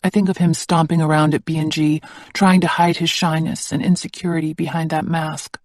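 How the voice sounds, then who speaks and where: Measured first-person audiobook narrator, mid-pitched voice, close and dry. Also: little pitch movement, a little mellow, no room sound.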